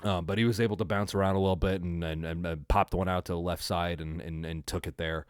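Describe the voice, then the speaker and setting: Low-voiced rambling sports podcaster, man. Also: fast, smooth, dry recording, studio quality. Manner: rambling and excitable, with many fillers and restarts. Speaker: podcast host. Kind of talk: casual solo sports recap.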